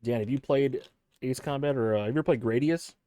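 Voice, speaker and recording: A man hosting a casual podcast chat, relaxed, laughing often and trailing off mid-thought. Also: mid-range voice, fast talker, dry recording, clean studio sound. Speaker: podcast host.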